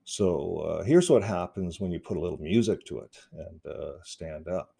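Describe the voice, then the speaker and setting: Deep gravelly-voiced man, casual vlogger. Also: moderate pace. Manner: relaxed, rambling, chuckles often, frequent fillers. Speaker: YouTube activist vlogger. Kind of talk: casual vlog monologue.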